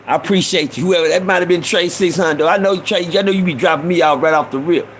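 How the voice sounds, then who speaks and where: A man hosting a casual storytelling stream, slangy, with repeated asides and shout-outs to viewers. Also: sits high, fast talker, slight background noise, poor audio. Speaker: host.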